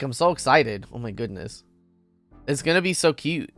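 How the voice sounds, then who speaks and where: Playful, giggly male streamer with a lively voice. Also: mid-range voice, moderate pace, no echo, soft background music. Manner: playful, giggly, greets chatters by name. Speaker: game streamer. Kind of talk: casual livestream chat.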